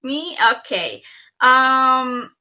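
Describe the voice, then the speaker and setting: A woman co-hosting a podcast with her partner in relaxed casual chat, often pausing on "um". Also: sits high, lo-fi sound. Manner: relaxed, with frequent "um" fillers. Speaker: podcast co-host.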